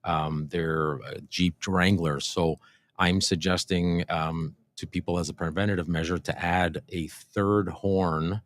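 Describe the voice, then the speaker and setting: A police officer hosting a casual livestream Q&A, explaining things in a relaxed way with many fillers and restarts. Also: male voice, sits low, measured pace. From Canada. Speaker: police constable and show host. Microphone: desk microphone, briefly too far from it.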